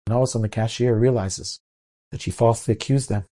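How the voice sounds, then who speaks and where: A man, a rabbi, telling a story in an animated way and acting out the characters. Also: mid-range voice, fast talker. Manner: animated, acts out characters' voices. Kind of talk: storytelling talk.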